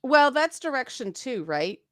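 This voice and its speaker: Brief: middle-aged woman, livestream co-host, animated, dry close sound. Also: high voice, a little slow, no echo. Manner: animated, acts out voice examples. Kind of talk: casual livestream chat.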